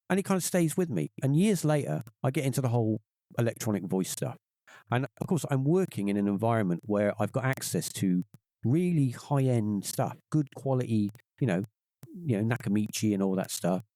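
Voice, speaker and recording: A middle-aged podcast guest tells a personal story casually, animatedly acting out the people in it and giving their quoted lines a higher pitch. He speaks fairly quickly, and the recording has no room sound.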